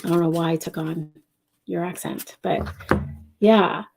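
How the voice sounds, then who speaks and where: A woman giving an intuitive live-stream reading, speaking softly and directly to viewers, wandering between thoughts. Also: on the low side, fairly even intonation, measured pace, vocal fry, a little hiss or hum. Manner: reads out viewer questions. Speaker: intuitive reader and channeler.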